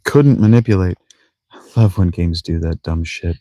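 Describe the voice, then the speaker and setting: A deep, mellow male voice at a moderate pace, captured dry through a clip-on mic inside a tent. The speaker is a let's play streamer offering rambling, profane gaming commentary and chatting to himself.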